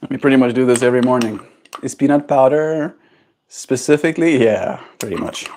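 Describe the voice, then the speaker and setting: A man's voice: medium pitch, fairly quick, noisy background. A man streaming casual chat while cooing affectionate baby talk to his pet bird at home.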